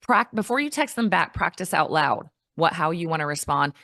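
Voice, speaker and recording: Low-voiced woman coaching in casual chat. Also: moderate pace, no room sound, studio quality. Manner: animated, acts out quoted replies in a higher voice. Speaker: podcast guest and coach.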